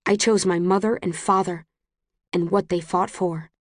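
A woman's voice: lowish voice, fairly even intonation, normal speed, dry recording. Woman audiobook narrator, first person, earnest; dry, close recording.

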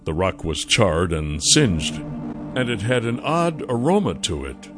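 A man narrating a fantasy audiobook in a measured, deliberate way. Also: fairly low pitch, big pitch swings. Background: faint music.

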